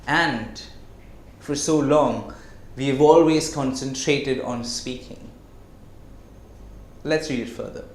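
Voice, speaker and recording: A man giving a lesson on communication skills, who slows down to stress his words and keeps asking the listener rhetorical questions. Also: mid-range voice, a little hiss or hum. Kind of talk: classroom-style lecture. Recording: echoey room.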